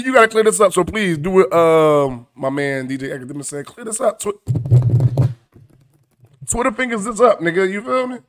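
A man hosting a comedic news commentary show, animated, profane and mocking as he reacts to clips. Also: high-pitched, normal speed.

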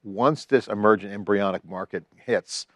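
A man's voice: lowish voice, moderate pace, no room sound, clean studio sound. A man co-hosting a podcast, talking in a rambling, chatty way and restarting phrases. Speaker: podcast co-host. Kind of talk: casual tech chat.

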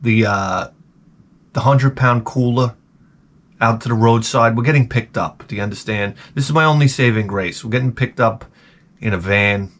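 A man's voice: mid-range voice, moderate pace. A middle-aged man, hungover, telling a rambling, exasperated story to his viewers. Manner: animated, exasperated, acts out his own reactions. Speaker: vlogger. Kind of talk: casual storytelling rant.

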